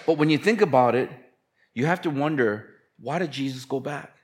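A man's voice: a little high, a little fast, darkish tone. A man preaching a sermon in a conversational, relatable way, often acting out quoted lines. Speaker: pastor.

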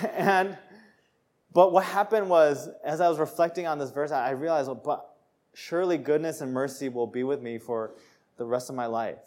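A young man preaching a sermon, telling a personal story with laughter and rising to joyful shouts. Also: on the high side, steady tone, normal speed. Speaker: pastor.

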